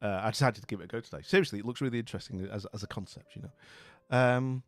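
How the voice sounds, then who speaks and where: A man's voice: fairly low pitch, fast, no echo, faint music behind. A man from northern England, chatting casually and at a ramble while live streaming a game, with many asides like "you know what I mean".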